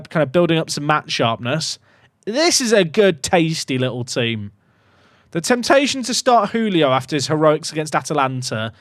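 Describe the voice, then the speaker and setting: A young man giving casual, excitable commentary on his game to his chat, swinging from muttering to loud outbursts. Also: a little high, no room sound, studio quality. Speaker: gaming YouTuber.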